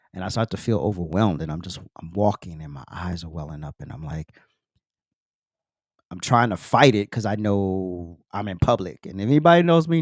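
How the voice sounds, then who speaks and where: A man's voice: lowish voice, no echo, studio quality. A man hosting a podcast, telling an earnest, reflective personal story with open emotion. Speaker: podcast host.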